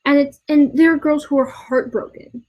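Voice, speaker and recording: Exasperated young woman ranting, halting. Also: sits high, fairly even intonation, a little mellow, lo-fi sound. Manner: exasperated, halting with many restarts, swears often. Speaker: vlogger. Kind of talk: ranting commentary video. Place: a room in her boyfriend's house.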